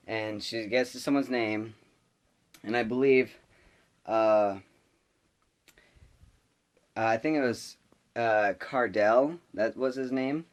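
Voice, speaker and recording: A man's voice: mid-range voice, takes it slowly, pauses often. A young man vlogging, telling a school story in a rambling, exasperated way. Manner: rambling, exasperated, lots of fillers. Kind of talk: casual storytelling to camera.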